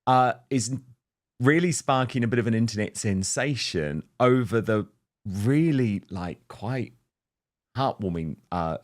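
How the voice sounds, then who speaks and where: A man's voice: medium pitch, lively intonation, unhurried. A man hosting a casual talk show, chatting and reading out viewer comments. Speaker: show host. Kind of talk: casual chat.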